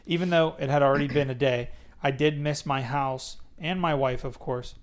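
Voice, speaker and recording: A man hosting a podcast reads a memoir aloud casually, delivering it plainly but breaking off to joke about it. His voice is medium in pitch and he speaks at a normal speed.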